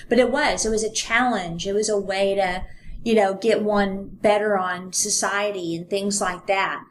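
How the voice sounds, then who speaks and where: A woman's voice: medium pitch, fairly even intonation, moderate pace, a little hiss or hum. A woman co-hosting a podcast, casually retelling a true-crime story and reading passages aloud with ums and fillers. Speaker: podcast co-host.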